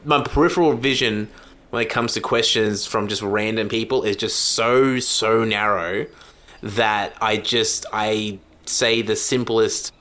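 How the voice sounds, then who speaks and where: A man's voice: fairly low pitch, steady tone, unhurried, bright, forceful tone. A man with an Australian accent in a rambling casual chat, talking through stories with lots of restarts and self-deprecating asides.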